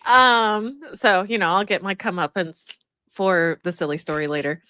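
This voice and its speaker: A woman's voice: mid-range voice, steady tone, normal speed, bright, forceful tone, no room sound. A woman guest on a livestream telling a funny story in a rambling casual way, with lots of fillers and laughter. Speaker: guest streamer.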